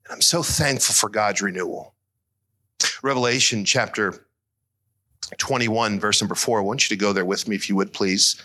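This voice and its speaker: A middle-aged man preaching a sermon as pastor, earnest and emotional, his voice climbing high as he is moved. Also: fairly even intonation, normal speed, pauses often, sharp tone.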